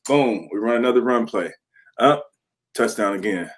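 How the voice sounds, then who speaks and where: A man with a fairly low voice tells his stories with lots of energy. He is a podcast guest in his thirties, talking candidly about his football days and acting out what his teammates said to him. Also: moderate pace. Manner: animated storyteller, acts out quoted teammates. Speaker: guest, former pro football player. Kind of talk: candid podcast interview, storytelling.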